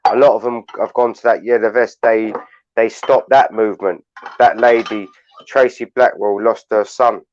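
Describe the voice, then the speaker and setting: A man's voice: fairly low pitch, fairly even intonation, normal speed, slight background noise. A man hosting a live panel chat, rambling bluntly and swearing. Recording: dull lo-fi online audio.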